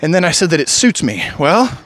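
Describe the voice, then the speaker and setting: A man's voice: on the high side, big pitch swings, a little fast, fairly bright tone. A man talking alone to camera in a rambling, reflective monologue, sighing often as he drifts between stories and feelings. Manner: musing, digressive, sighs often. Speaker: vlogger.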